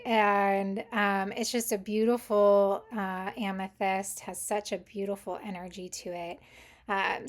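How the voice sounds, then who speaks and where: A woman giving an intuitive crystal reading at an unhurried, leisurely pace. Her delivery is gentle and casual, sprinkled with soft ums as she goes. Her voice sits at an ordinary middle pitch for a woman.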